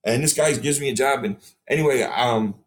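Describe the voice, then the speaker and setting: Fast-talking animated male podcast guest. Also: mid-range voice, a little hiss or hum. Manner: animated, swears freely, acts out quotes. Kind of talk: storytelling in casual podcast chat.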